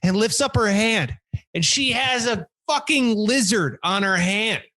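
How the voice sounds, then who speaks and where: Speaking at a measured pace in a high-pitched voice with no room sound, a man in his thirties hosts a podcast and tells a story in casual chat. He's animated, swears often, and performs the lines of the people he quotes.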